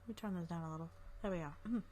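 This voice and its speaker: A woman's voice: lowish voice, very fast, mellow. A woman casually chatting as she hosts a visual novel playthrough at her desk mic, upbeat and rambling, with frequent coughs. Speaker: let's play host. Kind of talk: casual gameplay commentary. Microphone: desk microphone.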